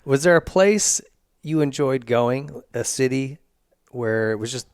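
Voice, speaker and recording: A man's voice: mid-range voice, animated, unhurried, clean tone, no room sound, clean studio sound. A man hosting a podcast interview, asking easygoing questions full of fillers. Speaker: podcast host. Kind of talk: casual interview chat.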